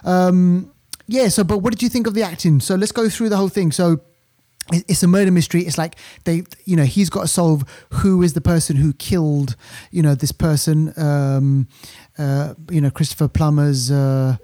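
A man's voice: on the high side, steady tone, moderate pace, warm tone, no echo, clean studio sound. A man co-hosting a podcast, chatting casually about a film with lots of fillers and restarts. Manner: rambling, full of fillers and restarts. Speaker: podcast co-host. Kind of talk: casual film review chat.

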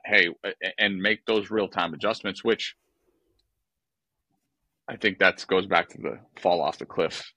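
A man co-hosting a podcast, telling a baseball story in an animated, exasperated way and swearing freely. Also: sits low, a little slow, long pauses, husky, no room sound, low-quality recording. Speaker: podcast co-host, former baseball player.

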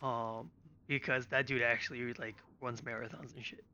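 Bright-voiced joking man, lo-fi. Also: mid-range voice, level tone, normal speed. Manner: jokey, offhand. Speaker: podcast co-host. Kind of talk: casual chat. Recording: dull lo-fi sound.

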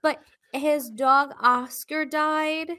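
A woman co-hosting a podcast in a casual chat, chatty and animated, laughing often and quick to apologize. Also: high voice. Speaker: podcast co-host.

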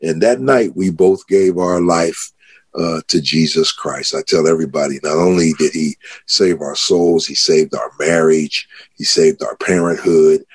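A man's voice: a little slow, breathy edge. A man, a pastor, telling the story of his conversion in a podcast interview, getting more and more worked up as he goes. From United States. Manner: grows excited, pitch rising as he retells shouting.

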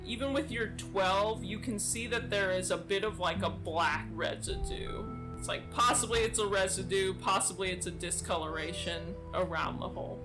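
A woman runs a tabletop game in a relaxed, unhurried voice, dotted with ums and likes. Music plays softly under her narration. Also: mid-range voice. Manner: relaxed, with many fillers and laughs. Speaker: game master.

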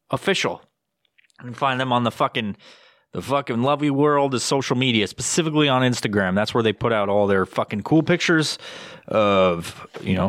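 A man's voice: mid-range voice, fairly bright tone, dry recording, studio quality. Crude rambling male podcast host. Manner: rambling, crude, swears constantly. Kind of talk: profane casual monologue.

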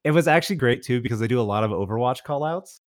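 A man's voice: medium pitch, lively intonation, racing, no echo, studio quality. A man in casual chat, recommending a show with rambling enthusiasm, full of restarts and fillers.

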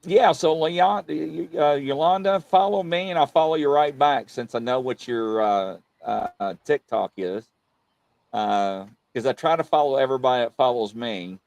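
A man's voice: mid-range voice, moderate pace, creaky, a little mellow, no echo. A man with a Birmingham accent hosting a casual livestream chat, rambling and repeating himself often. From England. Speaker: host.

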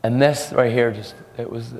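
A man preaches a sermon, earnestly telling a story and acting out the voices of its characters. His mid-range, darkish voice keeps a steady tone at normal speed, and the recording has long hall reverb with faint music.

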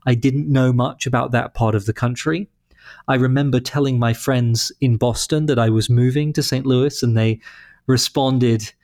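A man in his thirties with an English accent, answering interview questions in a thoughtful, articulate, measured way. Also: mid-range voice, darkish tone, dry recording, clean studio sound. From London, England. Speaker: leader of a humanist congregation.

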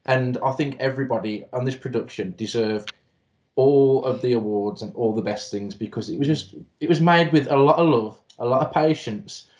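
A man's voice: mid-range voice, normal speed, darkish tone. A man ranting in a casual film review chat, swearing a lot and repeating words while he searches for the next one.

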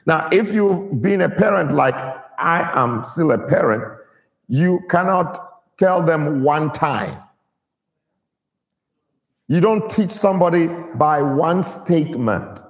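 Man, preacher, emphatic sermon, slightly high voice, stretches key words. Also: lively intonation, slow, big-room sound. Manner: emphatic, draws out key words and gets the congregation to repeat.

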